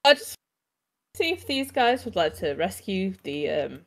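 A woman's voice: medium pitch, big pitch swings, a little slow, no echo. A woman playing in a tabletop game who chats casually and laughs often. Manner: giggly, chatty. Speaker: player.

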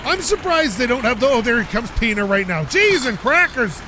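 Excitable male game commentator with a high voice, engine rumble loud under him. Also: brisk. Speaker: let's play host. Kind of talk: casual gameplay commentary.

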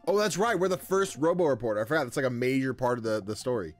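Lively, playful young man gaming. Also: mid-range voice, fast talker, few pauses, faint music behind. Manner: playful, chatty, frequent laughs, slangy. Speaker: gaming YouTuber. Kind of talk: casual let's-play commentary, reading game text aloud.

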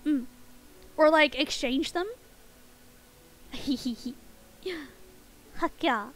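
A woman's voice: high voice, extremely slow, fairly bright tone, a little hiss or hum, low-quality recording. A woman streaming a game and chatting playfully with her viewers, giggling often. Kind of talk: casual game stream chat with chat.

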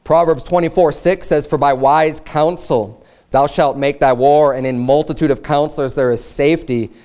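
A man's voice: on the high side, fairly even intonation, normal speed, a little mellow. A man preaching a sermon as pastor. He speaks earnestly and with emphasis, repeats phrases, and reads scripture aloud in a formal old style.

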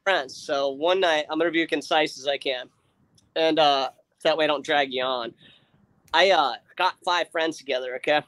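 A man's voice: on the high side, normal speed, dry recording. A man telling a long story in casual chat on a livestream, rambling with fillers and acting out his friends' lines. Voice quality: rambling, many fillers and restarts. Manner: animated, acts out friends' lines.

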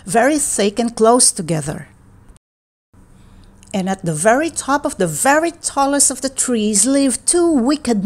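A woman reading a children's picture book aloud in a gentle, expressive, deliberate way. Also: fairly high pitch. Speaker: read-aloud narrator.

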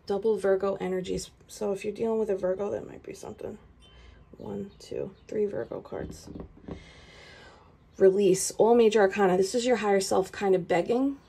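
A woman's voice: mid-range voice, fairly even intonation, moderate pace, creaky, mellow, breathy edge. A woman giving a tarot reading straight to the viewer, urgent and emphatic, repeating her points. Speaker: tarot reader.

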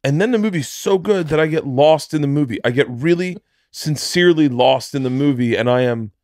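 A middle-aged man spins a story on a casual podcast, his voice jumping up in pitch when he gets excited. The sound is close and dry, with no room around it. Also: brisk, no room sound. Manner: animated, swings into high excited bursts while telling stories. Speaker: podcast co-host.

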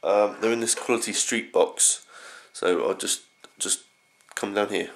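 A young man rambling through a casual early morning vlog at home, his voice groggy and croaky from just getting up. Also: lowish voice, a little slow. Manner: rambling, scattered. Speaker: vlogger.

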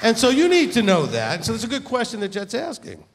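A middle-aged rabbi who founded the congregation gives a conversational sermon in a very high-pitched voice, talking a little fast. He is animated and emphatic, speaking directly to listeners and frequently checking in with "okay?" A faint crowd, slight background noise, and a long hall reverb can be heard.

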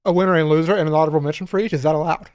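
A quick-talking young man sitting in as a guest, trash-talking his league mates. His voice is a bit higher than most men's, and the sound is close and dry. He moves briskly from one pick to the next. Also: fairly even intonation, darkish tone, clean tone, no echo. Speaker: guest co-host. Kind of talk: casual fantasy football chat.

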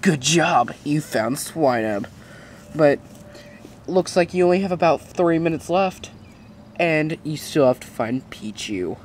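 A woman's voice: low-pitched, animated, slow, darkish tone, a little hiss or hum, voice pushed down. A woman voicing a bossy, weary master of a deadly game in a fan-made puppet drama, talking curtly and coldly. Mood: menacing. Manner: curt, cold and bossy.

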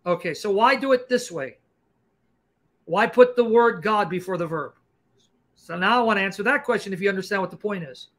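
A man with a high, bright voice leads a livestream Q&A. He lectures emphatically and fast, pressing each point home. His delivery has a combative edge. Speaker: Christian apologist host. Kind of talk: livestream teaching Q&A.

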